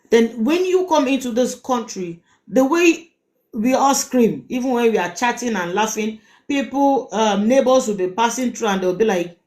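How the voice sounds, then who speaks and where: A woman's voice: a little high, mellow. Emphatic Nigerian woman giving advice. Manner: emphatic, repeats words, rhetorical questions. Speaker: host giving relationship advice. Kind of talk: live-stream advice talk.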